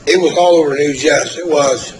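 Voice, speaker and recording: A man's voice: fairly high pitch, fairly even intonation, a little fast, slight background noise, poor audio. A man testifying as a witness in court, answering politely and hesitantly with fillers. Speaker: trial witness.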